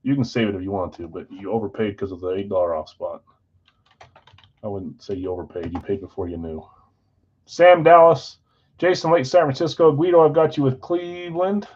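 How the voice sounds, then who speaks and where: A man's voice: fairly low pitch, a little fast, darkish tone, breathy edge, muffled recording. A man hosting a live card break stream, reeling off names and teams in a casual, friendly roll-call and mumbling his asides. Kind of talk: casual livestream chat reading team picks.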